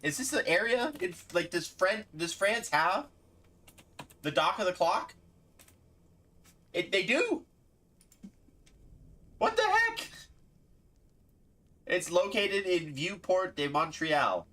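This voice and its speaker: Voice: medium pitch, takes it slowly, long pauses, fairly bright tone. A game streamer giving casual live commentary, playfully exasperated and laughing often.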